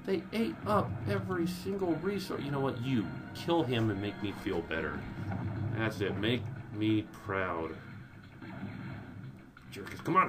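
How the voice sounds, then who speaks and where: A man giving casual gameplay commentary, talking straight to his viewers and jumping high in pitch when things go wrong. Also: slow, background noise. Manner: excitable, voice jumps high when panicking; talks directly to viewers. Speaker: let's play commentator.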